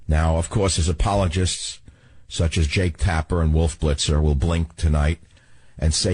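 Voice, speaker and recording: A man's voice: very deep voice, little pitch movement, normal speed, a little mellow, breathy edge, no room sound. A man hosting a talk radio show, delivering a combative, ranting monologue full of rhetorical questions.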